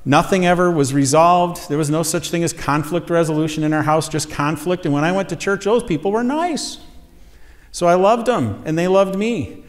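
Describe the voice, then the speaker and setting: A man's voice: a little high, normal speed. A man preaching a sermon, telling a story earnestly and lifting his voice for emphasis. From USA. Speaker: pastor teaching a series. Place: church sanctuary. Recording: long hall reverb.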